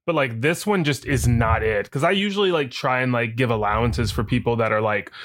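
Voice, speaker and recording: A man's voice: mid-range voice, a little fast, fairly bright tone. A man from the American South co-hosting a movie podcast, chatting and joking casually with many fillers. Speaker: podcast co-host. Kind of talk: casual movie-review chat.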